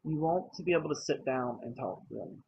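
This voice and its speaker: A man's voice: medium pitch, brisk, gravelly. Earnest young man telling a personal story. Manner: earnest, emotional, conversational. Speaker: vlogger. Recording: slightly dull lo-fi recording with faint noise.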